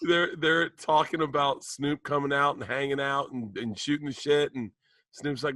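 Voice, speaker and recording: A man in his forties, a podcast co-host excitedly rambling through a story in casual chat. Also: mid-range voice, moderate pace, no room sound. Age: 40s.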